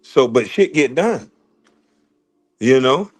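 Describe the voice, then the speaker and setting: A man's voice: medium pitch, expressive, slow pace. A man ranting in casual commentary, blunt and heavy on cursing. He keeps breaking into laughter as he talks back to his critics. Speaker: commentator reacting to online critics. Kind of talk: casual profane rant.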